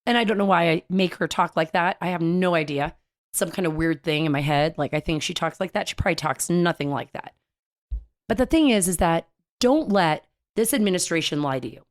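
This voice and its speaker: A woman hosting a casual talk show, chatty and animated, telling stories with big swings in her voice. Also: on the low side, a little fast.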